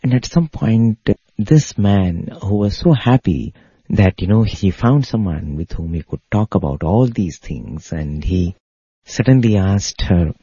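Deep, dark, husky male storyteller, earnest and repetitive; dry, dull lo-fi sound. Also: animated, unhurried, dry recording. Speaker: spiritual speaker. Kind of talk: devotional storytelling talk. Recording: dull lo-fi recording.

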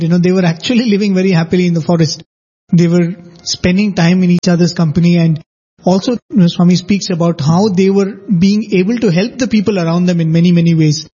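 A man's voice: sits high, mellow, husky. A man in a conversational talk show, explaining events with frequent "you know" asides. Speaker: co-host discussing scripture. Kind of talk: conversational storytelling podcast. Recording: dull lo-fi recording.

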